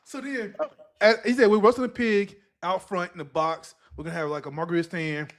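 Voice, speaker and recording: Guy on a podcast, high voice, telling a story and doing all the voices. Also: fairly quick. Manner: animated storyteller who acts out other people's lines. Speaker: podcast co-host. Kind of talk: casual storytelling chat.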